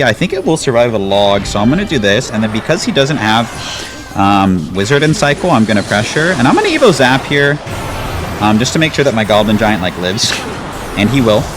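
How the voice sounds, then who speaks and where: A man giving casual, chatty commentary over his own gameplay, with a laid-back manner and lots of "like". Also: lowish voice. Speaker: gaming YouTuber. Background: game music.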